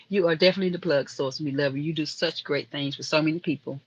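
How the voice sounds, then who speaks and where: A woman's voice: sits low, steady tone, fast, hardly any pauses, breathy edge, no room sound, highs cut off. A woman hosting a casual live stream, chatting and rambling to viewers in the chat. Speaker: livestream host.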